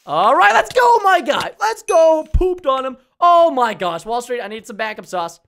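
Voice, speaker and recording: A young man hosting a game stream, joking and bursting into excited shouts during play. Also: extremely high pitch, moderate pace, vocal fry. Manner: loud, jokey, bursts into shouts. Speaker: gaming host. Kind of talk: excited gameplay commentary.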